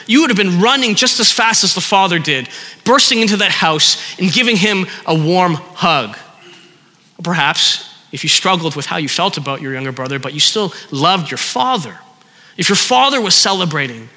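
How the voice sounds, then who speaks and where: A man preaching a sermon in an earnest way, slowing down for emphasis and letting his voice drop at the ends of phrases. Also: on the high side, pushed and bright, big-room sound.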